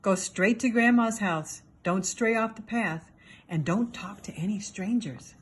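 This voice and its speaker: A woman's voice: medium pitch, a little slow, lightly acted. A woman reading as a caring, firm mother. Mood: cautioning. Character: caring mother giving a warning.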